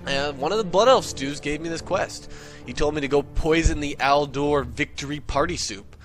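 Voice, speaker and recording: A man telling a comic story in an excitable, profane, ranting way. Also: fairly high pitch, normal speed, over music. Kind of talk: comedic monologue.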